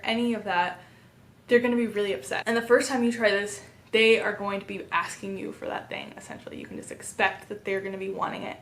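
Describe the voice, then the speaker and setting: A woman in her thirties calmly explaining a baby sleep method, earnest and step by step. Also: mid-range voice, gravelly, slight background noise. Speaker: parenting educator. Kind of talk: instructional talk to camera.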